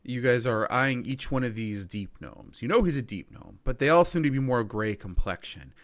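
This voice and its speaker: A man narrating a tabletop game as game master, relaxed with fillers and quick asides. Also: medium pitch.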